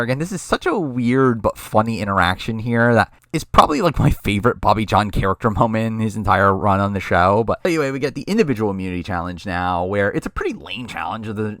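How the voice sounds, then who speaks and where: A young man recaps a reality show on his own, in a loose, rambling way. He talks quickly and keeps circling back with "again" and "obviously." The recording is close and dry, with no room sound. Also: lowish voice, a bit bright, no echo. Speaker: show reviewer. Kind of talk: solo recap commentary.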